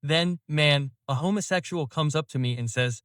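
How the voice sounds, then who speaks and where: A man's voice: fairly high pitch, normal speed, fairly bright tone, no echo, clean studio sound, recorded from a distance. A man, a police officer, telling casual stories from his work, tagging lines with "man" and "you know" and laughing at his own tales. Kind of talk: casual anecdotal storytelling.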